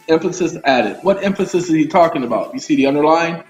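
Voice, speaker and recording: A man casually reading legal documents aloud and explaining them to his viewers, with lively asides and frequent check-ins. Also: a little high, quick pace, few pauses. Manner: animated, addresses listeners as y'all, breaks off into asides. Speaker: legal commentary host. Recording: roomy, dull sound with faint music.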